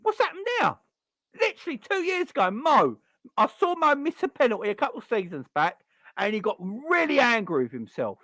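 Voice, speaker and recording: Fan-channel host, male, exasperated rant, very lively pitch swings, dry close sound. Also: a little fast, no echo. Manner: exasperated, repeats rhetorical questions.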